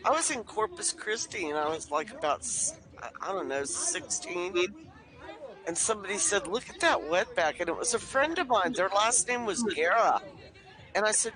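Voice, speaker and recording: A man's voice: sits high, big pitch swings, moderate pace, a crowd in the background, low-quality recording. A man chatting casually on a livestream, telling long stories and swearing now and then. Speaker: livestream co-host.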